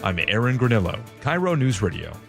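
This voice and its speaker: A man reading a radio newscast in a crisp, scripted manner. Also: medium pitch, very animated, brisk, music in the background. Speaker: news anchor.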